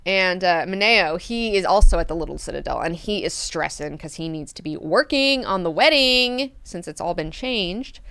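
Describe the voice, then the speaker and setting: A woman hosting a book club, recapping chapters in a casual, animated, profane way. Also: lowish voice, moderate pace, hardly any pauses, clear, resonant tone, no echo.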